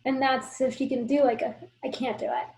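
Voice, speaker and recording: High-voiced woman hosting a video call. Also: level tone, a little fast, darkish tone, rough recording. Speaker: host. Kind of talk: casual video call chat.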